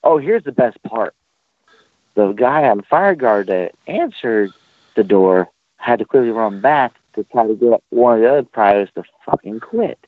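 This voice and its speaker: A man tells swearing-laden army stories on a casual podcast. His middle-pitched voice comes through a tinny online call line, dry with no room sound. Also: measured pace, no echo. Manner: profane, animated anecdote telling. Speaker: podcast host, military veteran. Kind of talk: casual storytelling chat.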